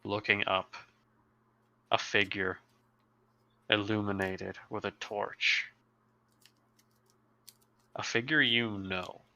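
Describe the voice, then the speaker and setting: A man narrating as game master in a tabletop game, setting scenes slowly and descriptively. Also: on the low side, fairly even intonation, bright, forceful tone, no room sound, lo-fi sound.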